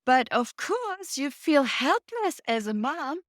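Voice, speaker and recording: Woman, podcast guest, high pitch, heartfelt storyteller. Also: very animated, takes it slowly, no echo, studio quality. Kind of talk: casual chat.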